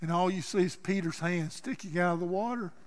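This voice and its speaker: A man preaching a sermon as pastor, telling a story dramatically and swinging from loud passages to hushed ones. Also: sits high, fairly quick. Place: church sanctuary. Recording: church hall with long reverb.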